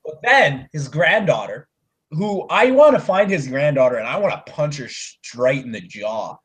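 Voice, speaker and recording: A young man chats on a casual movie podcast. He rants with plenty of swearing, his slightly high voice jumping from loud bursts to low mutters. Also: very animated, normal speed. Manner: profane, ranting, swings between loud and mumbled. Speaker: podcast co-host.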